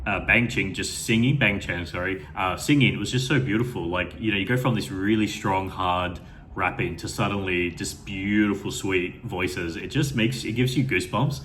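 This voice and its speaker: A man's voice: deep voice, normal speed, fairly bright tone, a little hiss or hum. A man giving an unscripted first-time reaction to a music video, rambling with enthusiasm and plenty of fillers and restarts.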